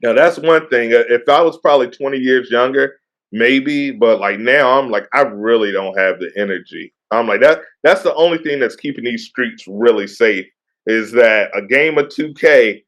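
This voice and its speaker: A man's voice: mid-range voice, moderate pace, fairly bright tone. A middle-aged man co-hosting a podcast, chatting in a laid-back, joking way and patiently explaining things. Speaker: podcast co-host. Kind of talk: casual chat.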